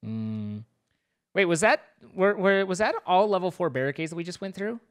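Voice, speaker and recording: A man's voice: sits high, fast talker. A man casually talking through a multiplayer game with a teammate, joking and rambling as he plays. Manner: playful, rambling banter. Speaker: gaming video host. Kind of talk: casual gaming chat.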